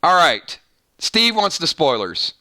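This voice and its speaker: A man's voice: a little high, big pitch swings, slow pace, pushed and bright. A man hosting a live stream, chatting casually and thanking viewers by name, often stumbling and restarting his sentences. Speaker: live-stream show host.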